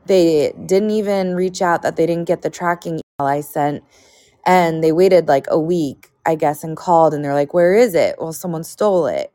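A woman with a somewhat low voice, venting casually and swearing about her frustrations. She sounds close and dry on the mic. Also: normal speed, mellow, dry recording. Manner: exasperated venting, profane. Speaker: podcast co-host. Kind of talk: casual chat.

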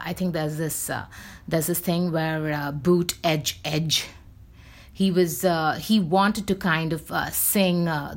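Husky woman ranting with lots of fillers. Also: low voice, a bit bright. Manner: rambling, blunt, frequent fillers and restarts. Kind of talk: casual opinion monologue.

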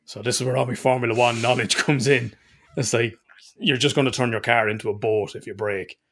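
A man's voice: mid-range voice, steady tone, a little fast, a bit bright. An Irish man telling rambling stories in casual podcast chat and swearing freely. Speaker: podcast co-host.

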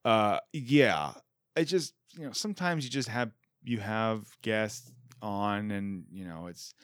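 A man in his thirties hosting a podcast, chatting casually with quick self-deprecating jokes. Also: lowish voice, dry recording, studio quality. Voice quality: animated, jokey, self-deprecating. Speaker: podcast host. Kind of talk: casual chat.

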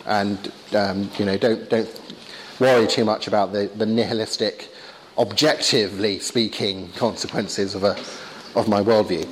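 A man's voice: on the low side, steady tone, moderate pace, a little hiss or hum. A man answering audience questions after a lecture, talking conversationally with many fillers and restarts. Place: large stone church. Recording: long church reverb.

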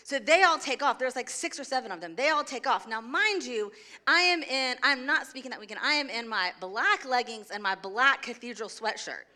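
A woman in her forties with a high, bright voice tells a story to a listener. She gets lively and laughs, now and then acting out her own shouting. The delivery is animated and conversational. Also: normal speed.

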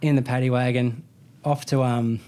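The voice is mid-range, level, warm, and smooth, with a moderate pace. It belongs to an Australian motorcycle racer in his thirties who, in casual chat, rambles through an anecdote packed with slang, restarts, and self-corrections.

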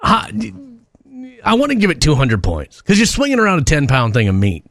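A man's voice: fairly high pitch, huge pitch swings, fairly quick, fairly bright tone, dry recording, studio quality. A man hosting a morning radio show, joking casually with his co-host and laughing often.

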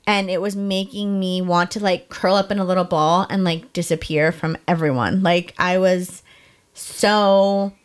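A young adult woman candidly telling a personal story, talking fast and emotionally with many "like" fillers. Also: on the low side, steady tone, clean tone. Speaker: podcast guest sharing her story.

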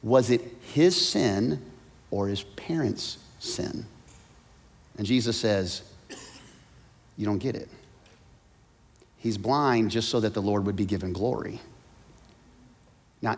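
A man preaching a sermon as pastor, swinging between loud, urgent lines and soft, low ones. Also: lively intonation, slow pace, pauses often. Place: church sanctuary. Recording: long hall reverb.

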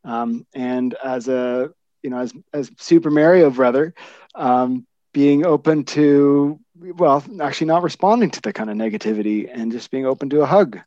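A man's voice: mid-range voice, moderate pace, warm tone, dry recording. A man hosting a podcast interview, reflecting on his guest's stories with frequent restarts. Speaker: podcast host. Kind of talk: conversational interview. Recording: dull dry lo-fi sound.

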